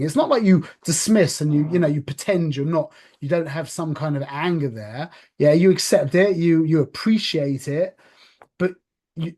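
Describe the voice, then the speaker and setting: A man with a slightly high voice gives an informal spiritual talk to listeners. He speaks conversationally, restarting his sentences and checking in with a quick "yeah?" as he goes. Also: darkish tone. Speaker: religious speaker.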